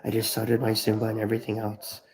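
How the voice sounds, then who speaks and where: A man's voice: lowish voice, monotone, quick pace, a crowd in the background, poor audio. A man in his thirties talking to viewers on a live stream, grieving, rambling and swearing as he repeats himself. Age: 30s. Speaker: vlogger. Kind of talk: emotional live stream talk.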